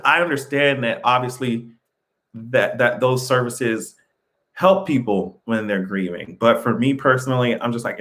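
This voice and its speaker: A man hosting a casual livestream, talking in an animated, profane way with sudden jumps in pitch and frequent laughter. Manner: laughs often between remarks. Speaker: livestream host.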